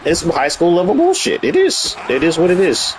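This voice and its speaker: A man's voice: fairly high pitch, huge pitch swings, brisk, rough recording. Blunt, profane man streamer chatting. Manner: blunt and profane, laughs often, reads and answers chat. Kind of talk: casual chat with live chat.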